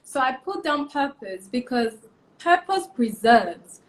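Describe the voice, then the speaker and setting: A woman's voice: high-pitched, takes it slowly. A young woman, a fashion stylist giving emphatic advice as a guest in a casual interview. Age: young adult. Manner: emphatic, repeats key points, animated.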